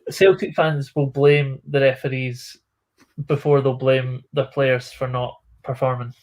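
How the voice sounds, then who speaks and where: A man's voice: medium pitch, fairly even intonation, a little slow. A man co-hosting a live football stream, giving blunt, opinionated commentary in casual chat.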